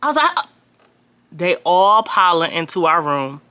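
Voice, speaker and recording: A young woman telling a storytime to her viewers, animated and profane, acting out the people she quotes in a raised voice. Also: fairly low pitch, normal speed, clean tone, no echo. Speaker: storytime vlogger. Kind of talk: casual storytelling.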